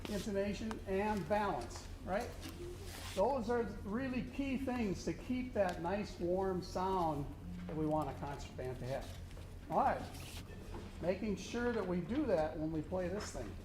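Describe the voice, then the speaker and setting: Coaching a student band in a clinic, a man who serves as a contest judge sings rhythms out loud to show how they go. He has a high voice with lively intonation and a measured pace. The room is echoey, with a faint background noise.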